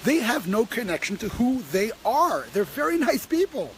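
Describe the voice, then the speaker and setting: Man, high voice, impassioned and halting, talking to camera over a noisy track. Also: sing-song. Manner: impassioned, many restarts, rising when stressed. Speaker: host. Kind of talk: passionate personal talk.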